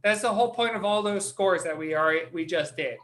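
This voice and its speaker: A man hosting a casual podcast as dungeon master, animated and swearing freely as he explains things. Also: sits high, a crowd in the background. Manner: animated, swears freely, talks in quick restarts.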